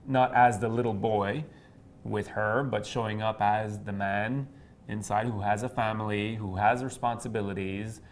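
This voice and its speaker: A man in casual conversation, speaking haltingly and repeating words as he searches for them. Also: on the low side, fairly even intonation, a little hiss or hum. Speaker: co-host.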